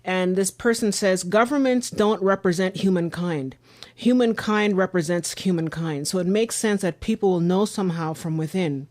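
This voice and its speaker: A woman's voice: on the low side, normal speed, a little mellow. A woman hosting a podcast discussion, talking in an earnest, rambling way and often repeating her words as she gets emotional. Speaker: podcast host.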